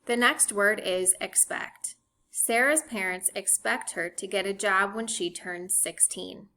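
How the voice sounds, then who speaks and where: A woman teacher giving a recorded phonics lesson, speaking clearly and spelling words out letter by letter. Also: medium pitch, a little slow, sharp tone.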